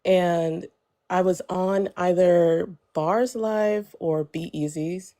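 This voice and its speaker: Young woman, lowish voice, chatty storytelling, filler-heavy, casual live stream talk. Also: takes it slowly. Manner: chatty, lots of fillers, animated when quoting others.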